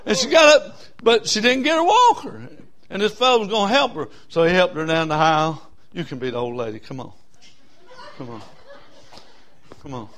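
A man, telling a story in a sermon in a folksy, animated way, with bursts of whooping. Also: a little high, moderate pace. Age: 60s.

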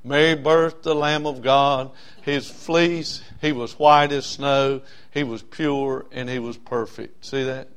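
A man preaching a sermon in a folksy way, swinging between loud stressed words and soft drawn-out phrases. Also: mid-range voice, fairly even intonation, smooth. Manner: folksy, with frequent uh fillers. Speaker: pastor.

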